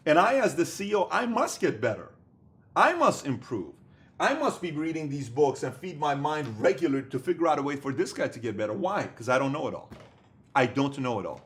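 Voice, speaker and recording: A man's voice: fairly high pitch, sing-song, fairly quick, a bit bright. A man giving an emphatic motivational business talk, repeating his points and acting out imagined conversations. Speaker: motivational speaker.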